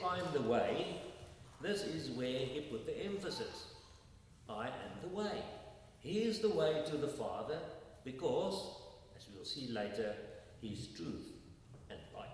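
A man preaching a sermon, emphatic and fond of rhetorical questions put to his congregation. His voice sits at an everyday pitch and comes from some way off the mic. A long, booming hall reverb and a faint hiss of room noise surround him. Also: darkish tone, recorded from a distance.

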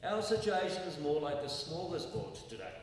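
Very animated and speaking at normal speed, a preacher hammers home his sermon with rhetorical questions for the congregation. His voice, at an everyday pitch, is far from the mic, swallowed in long hall reverb with faint hiss.

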